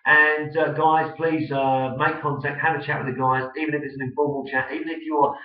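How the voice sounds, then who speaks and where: A man's voice: fairly high pitch, level tone, brisk. Chatty Essex man hosting. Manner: chatty, rambling with many fillers. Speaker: host. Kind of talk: business web show interview. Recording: echoey, distant, dull web-video sound.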